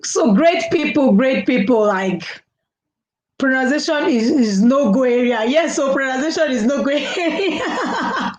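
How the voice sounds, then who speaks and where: A woman's voice: sits high, expressive, measured pace, low-quality recording. A middle-aged woman, chatting casually on a live stream, laughing often and talking to viewers. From Nigeria. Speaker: live-stream host reading viewer comments.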